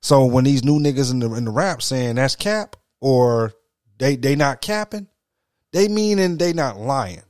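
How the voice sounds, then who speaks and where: A man's voice: mid-range voice, lively intonation, measured pace, a little mellow, no room sound, studio quality. A middle-aged man in casual, profane chat, telling stories animatedly and slipping into quoted voices.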